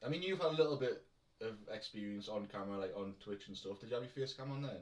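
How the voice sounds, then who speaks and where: A man with a North East English accent co-hosting a podcast, chatting and joking in a relaxed way. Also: fairly low pitch, quick pace. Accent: North East English, between Newcastle and Durham. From North East England. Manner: chatty, jokey, laughs often. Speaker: podcast co-host. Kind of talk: casual chat. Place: room at home. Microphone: shared microphone from a distance. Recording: echoey room, mic at a distance.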